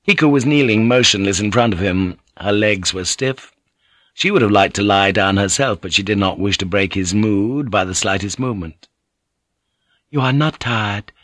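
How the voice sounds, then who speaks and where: A middle-aged man narrating a novel in a measured, dramatic, rhythmic reading. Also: lowish voice, a bit bright, no echo. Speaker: audiobook narrator. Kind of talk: scripted narration.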